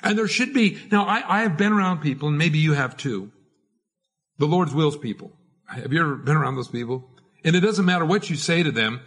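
A man's voice: a little high, lively intonation, brisk, fairly bright tone, breathy edge. A man preaching a conversational sermon as a pastor, informal and prone to repeating words.

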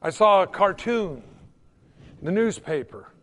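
A male preacher delivering a sermon in a church sanctuary, his high voice leaping up and down in pitch. He talks emphatically, rising to loud peaks and then sinking to a hush. A long reverb from the hall trails each phrase. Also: expressive, measured pace. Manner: emphatic, swinging between loud peaks and hushed drops.

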